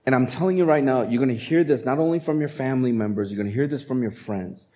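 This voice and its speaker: Animated preaching man with a mellow voice. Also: mid-range voice, fast talker. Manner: animated, conversational preaching with acted-out quotes. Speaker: pastor. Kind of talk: sermon.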